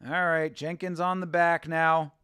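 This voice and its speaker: A young man from the States hosts a fight watch-along stream, reacting loosely to chat and cursing casually. His voice sits a bit high, and it is recorded close and dry. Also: flat delivery, a little slow, bright, forceful tone, clean tone, dry recording. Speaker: livestream host.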